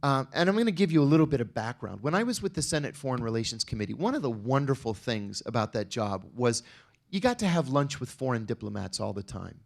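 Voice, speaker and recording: A man's voice: mid-range voice, animated, fast talker, vocal fry. A middle-aged man speaking on a conference panel, telling a personal story with wry asides. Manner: storytelling, wry, acts out quoted exchanges.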